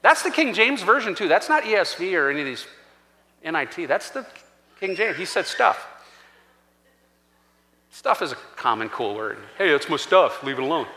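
A man pastor preaching a sermon in a church, animated and acting out scripture voices. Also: high voice, moderate pace, pauses often. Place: church sanctuary. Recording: long church-hall reverb.

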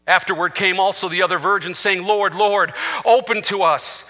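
A man's voice: sits high, fairly even intonation, normal speed, bright, forceful tone. A man preaching a passionate sermon as senior pastor to a church congregation, quoting scripture. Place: church sanctuary with live congregation. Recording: reverberant hall.

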